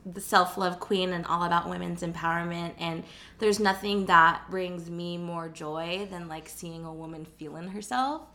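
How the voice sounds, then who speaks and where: A woman's voice: lowish voice, fairly even intonation, normal speed, pushed and bright. A young woman hosting a casual podcast chat, earnest and heartfelt, often laughing. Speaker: podcast host.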